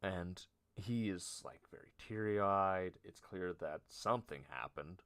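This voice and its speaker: Slow, deep-voiced nervous storyteller. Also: male voice, fairly bright tone, clean tone. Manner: halting, nervous, self-deprecating. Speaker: streamer, storyteller. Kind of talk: improvised storytelling on a livestream.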